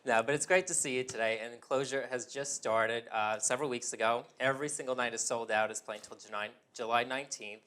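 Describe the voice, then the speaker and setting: A man's voice: mid-range voice, steady tone, fairly quick, hardly any pauses, pushed and bright. A man with a mid-range voice hosts an interview. He asks his guest questions in an upbeat, admiring, chatty way. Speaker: interview host.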